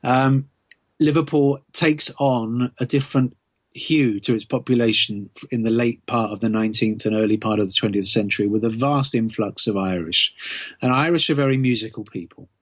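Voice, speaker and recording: A middle-aged man, answering podcast interview questions as an author in a thoughtful, measured way, with frequent ums. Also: mid-range voice, dry recording. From England.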